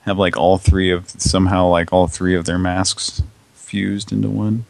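A man's voice: sits low, level tone, measured pace, gravelly. A man hosting a comedy radio show, chatting wryly between prank calls. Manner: laughing, wry, mumbly. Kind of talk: casual comedic banter.

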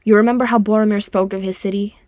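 A woman's voice: mid-range voice, fairly even intonation, fast talker, a little mellow, dry recording, clean studio sound, close to an everyday voice. A woman reading aloud and voicing a proud, earnest male dwarf king. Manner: earnest, heartfelt.

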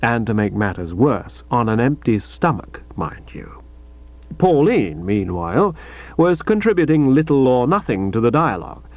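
A man reads a comic novel aloud in wry, mock-grand tones, his pitch rising and falling with animation. The recording is close and dry, with a slightly dull, muffled edge. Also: very animated, normal speed, dry recording. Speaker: audiobook narrator. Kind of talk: comic first-person novel reading.

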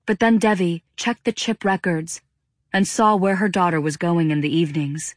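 A woman narrating an audiobook with a steady, even reading. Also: lowish voice, normal speed, dry recording, studio quality. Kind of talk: scripted narration.

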